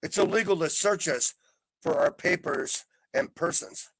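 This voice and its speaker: A man's voice: a little high, a little slow, fairly bright tone, no echo. A man from the United States, bantering bluntly and swearing a lot in a casual chat.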